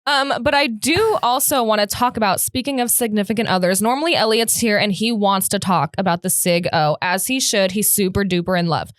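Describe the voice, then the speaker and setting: A woman's voice: mid-range voice, a little fast, hardly any pauses, dry recording, clean studio sound. A woman co-hosting a podcast, telling a story with acted-out quotes and frequent laughter in casual chat. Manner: animated storyteller acting out quotes, laughs often. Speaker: podcast co-host.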